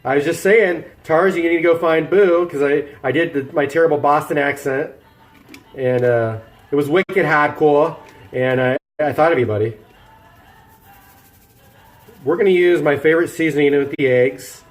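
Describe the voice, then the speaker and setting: A man's voice: fairly high pitch, normal speed, reverberant, faint music behind. A man chatting casually to his viewers while cooking in a home kitchen, rambling and poking fun at himself. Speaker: cooking streamer. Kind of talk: casual cooking chat with live chat.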